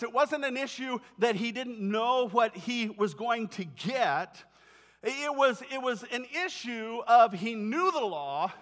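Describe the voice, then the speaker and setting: A man's voice: high-pitched, fairly bright tone. A male pastor preaching a sermon in a church, telling the story conversationally and acting out voices. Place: church sanctuary. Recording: long hall reverb.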